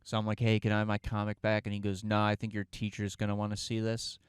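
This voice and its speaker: A man's voice: fairly low pitch, monotone, quick pace, smooth, no room sound, clean studio sound. A man in his thirties telling a comic story on a podcast, profane and rambling, with many restarts, acting out the lines he quotes. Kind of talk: casual comic anecdote.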